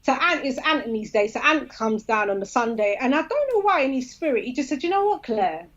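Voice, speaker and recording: A woman appears as a podcast guest, telling a story in casual chat and lively acting out the quoted dialogue. Her voice is high and a little fast, and the highs are cut off in the recording.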